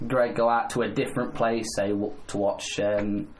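A man's voice: fairly low pitch, little pitch movement, moderate pace, poor audio. A man co-hosting a casual football chat, rambling and restarting his sentences. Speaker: podcast co-host. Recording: faint background noise.

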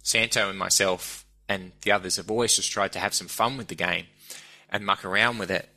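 Bright, sharp-edged Australian man. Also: sits low, a little fast, rough recording. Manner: animated, ranting, swears freely. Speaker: guest, comedian and broadcaster. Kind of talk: casual interview chat.

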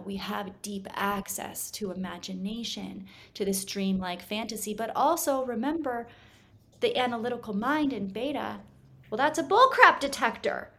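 A woman hypnotherapist, a guest on a studio podcast, explaining her work in an animated, teaching manner, swinging her loudness up and down to make points. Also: mid-range voice. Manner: animated, explanatory, shifts volume to demonstrate.

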